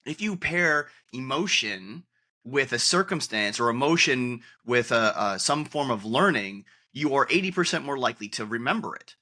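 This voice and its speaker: A man's voice: mid-range voice, lively intonation, moderate pace, pushed and bright. A man hosting a podcast interview, reflective and articulate, explaining ideas at length. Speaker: podcast host and coach. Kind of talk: conversational interview.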